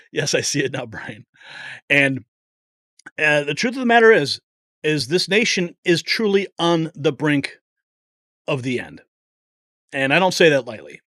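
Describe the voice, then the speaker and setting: A man's voice: fairly high pitch, fairly bright tone, dry recording, clean studio sound. A man hosting a live political stream, chatting casually, greeting viewers by name and getting emphatic about the stakes. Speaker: political livestream host.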